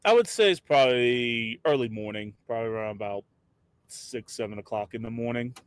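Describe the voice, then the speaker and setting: A man's voice: medium pitch, fairly quick, slight background noise. A man running a tabletop game as game master, playful and stumbling over his words.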